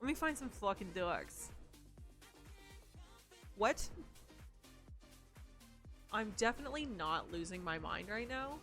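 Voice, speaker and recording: A young woman hosting a live stream, chatting casually with crude jokes and excitable outbursts. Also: mid-range voice, takes it slowly, pauses often, soft background music. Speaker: livestream host.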